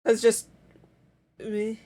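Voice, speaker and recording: An American woman streamer chatting casually with her viewers, rambling and halting and breaking into frequent laughs, still recovering from a week-long illness. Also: a little high, monotone, warm tone. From United States. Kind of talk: casual chat with chat.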